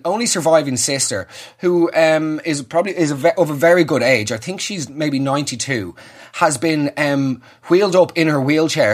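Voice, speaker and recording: A young Irish man telling a comic story with sweary, exasperated ranting. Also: a little high. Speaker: comedian.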